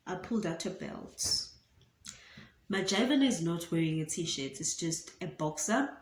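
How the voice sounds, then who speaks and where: Speaking at an unhurried pace in a fairly low register, this young YouTuber from South Africa narrates a dramatic tale for her laid-back storytime vlog. Her delivery is lively and dramatic, sprinkled with Zulu, and her accent is South African. Echo fills the room.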